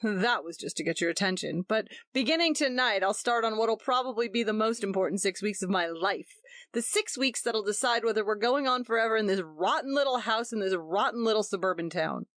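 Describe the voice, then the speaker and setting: A woman's voice: mid-range voice, lively intonation, fairly quick, a bit bright, no room sound, clean studio sound, close to an everyday voice. A woman doing a young irritable husband. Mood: earnest.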